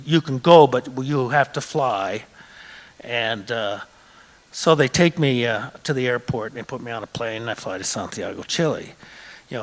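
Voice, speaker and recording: A man in his sixties from Montana telling a true story on stage, conversational, often pausing on "uh" and repeating words. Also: medium pitch, fairly bright tone. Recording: long hall reverb.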